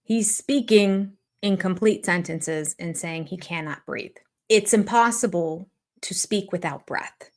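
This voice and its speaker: A woman's voice: on the low side, a little slow. An older woman giving sarcastic, amused reaction commentary on a reality show, often laughing. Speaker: YouTube commentator.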